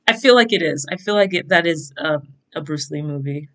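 A woman's voice: low-pitched, lively intonation, a little fast, few pauses, a bit bright. A young woman, chatting casually while planning her bullet journal, rambling through tangents and giggling. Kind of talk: casual plan-with-me chat. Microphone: desk microphone at a computer.

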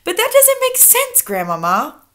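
A woman reading aloud the part of a curious young boy who protests in a high, eager voice. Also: huge pitch swings, a little slow, fairly bright tone, exaggerated voice. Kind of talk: children's book read-aloud.

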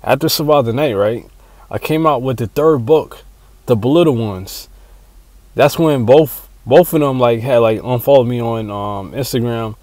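A man hosting his own solo podcast, rambling and excitable, swearing constantly as he talks. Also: mid-range voice, normal speed, no room sound. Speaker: podcast host. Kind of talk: casual solo podcast monologue.

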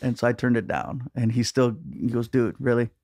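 A man's voice: mid-range voice, fairly quick, a little mellow, dry recording, studio quality. A man who is a comedian guest on a podcast, telling chatty stories and laughing often. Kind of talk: casual chat.

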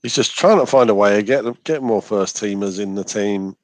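A man's voice: fairly low pitch, moderate pace, no echo, low-quality recording. A laid-back man co-hosting a live football watch-along, adding wry comments on the play. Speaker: co-host.

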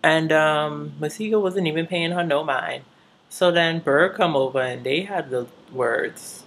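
A woman's voice: low-pitched, normal speed, slight background noise. A woman vlogger chatting casually while recapping TV shows, swearing freely and laughing often.

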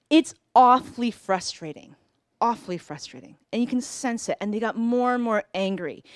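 A woman in her forties telling a personal story on a live storytelling stage, conversational, with pauses and self-corrections. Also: mid-range voice, no echo, clean studio sound.

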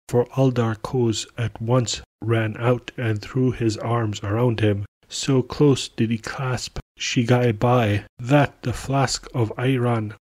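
Slow, husky male storyteller. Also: mid-range voice, no echo. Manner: calm, measured storytelling. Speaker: podcast storyteller. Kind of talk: read-aloud folk tale narration.

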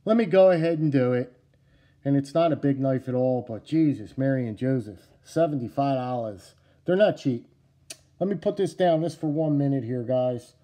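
A middle-aged man with a New Jersey accent chatting casually to camera about knife collecting, excitable and repetitive, calling his viewers "guys" and "yous.". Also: medium pitch, moderate pace. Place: at home indoors.

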